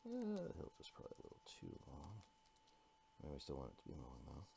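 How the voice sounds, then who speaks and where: A man's voice: a bass voice, huge pitch swings, quick pace, gravelly, mellow, slight background noise. A man talking through his drawing process in real time, thinking aloud and making self-critical asides as he sketches. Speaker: artist drawing a live tutorial. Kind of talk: unscripted drawing commentary.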